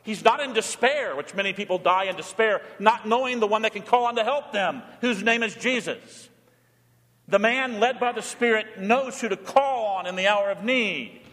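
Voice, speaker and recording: A man preaching to his congregation with a high, light voice that rings through a reverberant church. He shifts between plain teaching and short acted-out pleas, each spoken in a quoted voice. The sermon keeps a steady, earnest delivery throughout. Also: moderate pace. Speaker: pastor.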